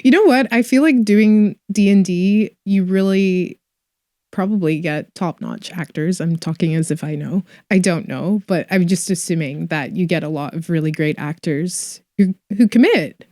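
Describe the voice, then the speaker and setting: A woman actress chatting casually in an interview, full of fillers and quick laughs. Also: on the low side, a little mellow, dry recording, studio quality.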